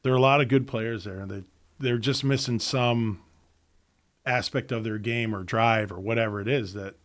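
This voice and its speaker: A man's voice: medium pitch, fairly even intonation, normal speed. A middle-aged man, a former hockey captain, chatting easily as a podcast guest and repeating himself for emphasis. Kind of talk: casual interview chat. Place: podcast studio.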